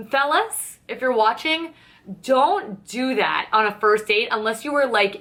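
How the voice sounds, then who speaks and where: Bright, sarcastic young woman vlogger. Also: medium pitch. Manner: candid, sarcastic, swears freely, acts out both sides of dialogue. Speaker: beauty vlogger. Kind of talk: casual chatty get-ready-with-me storytelling.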